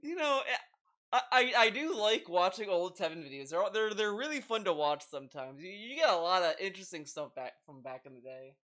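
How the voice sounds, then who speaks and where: A man streaming live and reacting to videos, talking in an excitable, stammering way. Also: high voice, fairly quick. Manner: animated, excitable, stammering repeats.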